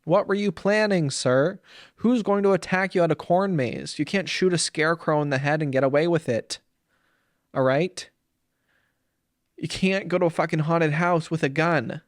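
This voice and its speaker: A man's voice: on the high side, normal speed, dry recording, studio quality. A young man, hosting a crude, rambling comedy podcast, filled with ums, who slips into silly voices for jokes. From Saint Paul, Minnesota. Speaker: podcast host. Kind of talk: comedic solo podcast rant.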